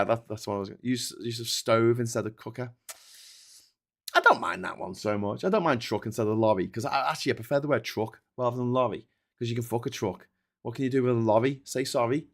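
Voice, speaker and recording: A man hosts a casual livestream and reads out comments from viewers. His voice sits in a middle pitch. His talk rambles and is full of swearing, and he laughs at his own jokes. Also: a bit bright. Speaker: livestream host.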